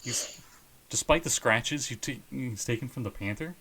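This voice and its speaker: A man narrating as game master of a tabletop game, relaxed and laughing often. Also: medium pitch, moderate pace, background noise.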